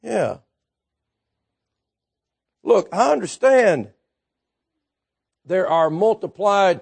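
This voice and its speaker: A man preaching a Baptist sermon, building fervently to shouts and dropping low again, with chuckles between points. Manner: fervent, rises to shouting then drops low.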